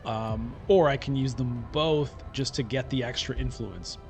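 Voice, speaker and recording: A man's voice: medium pitch, a little slow, soft background music. A man thinking aloud while giving casual gameplay commentary on a digital board game. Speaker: gameplay streamer.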